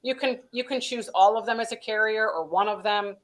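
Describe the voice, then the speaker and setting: A woman's voice: on the high side, fairly quick, low-quality recording. A woman, a company vice president, explaining practical steps in a business interview, chatty and advising, with many "you know" and "um" fillers. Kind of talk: conversational explainer in a business webinar.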